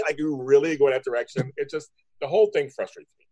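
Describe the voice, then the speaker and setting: A man co-hosting a soap recap show in casual, gushing chat. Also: fairly high pitch. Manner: animated, quick, gushing.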